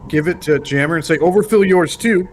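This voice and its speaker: A man's voice: a little high, fairly quick, slight background noise. A man playing a tabletop game, jokey and laughing. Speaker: player.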